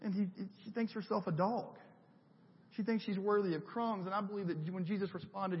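High-voiced pastor preaching in a reverberant hall. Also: male voice, moderate pace, muffled recording. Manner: conversational, builds with emphatic repetition. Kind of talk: sermon. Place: church sanctuary.

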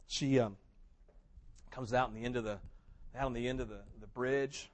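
A man preaching a sermon, telling a story with big swings between loud, excited passages and hushed ones, sometimes acting out what characters say. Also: medium pitch, normal speed. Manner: mimics characters in quoted asides. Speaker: pastor.

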